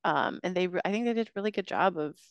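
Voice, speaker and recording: A woman co-hosting a podcast in casual chat, agreeable and quick to murmur along. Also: fairly low pitch, clean tone, no echo, dull audio. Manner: agreeable, frequent backchannel murmurs. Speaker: podcast co-host.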